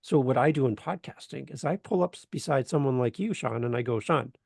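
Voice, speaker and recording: Animated, gravelly-voiced man telling stories. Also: mid-range voice, brisk, no room sound, studio quality. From Canada. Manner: animated, acts out voices in anecdotes. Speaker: podcast guest. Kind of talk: enthusiastic storytelling in interview.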